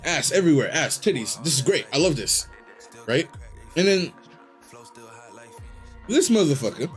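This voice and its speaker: A young man streaming live, telling a long profane story in a casual, animated way and jumping into high excited voices when he quotes himself. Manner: animated, profane, jumps into high excited voices for his own past self.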